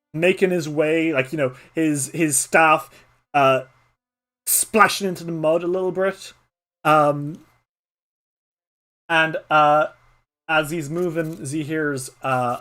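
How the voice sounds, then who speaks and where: A streamer narrating a solo tabletop game, with many halting fillers. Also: medium pitch, fairly bright tone. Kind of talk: improvised story narration.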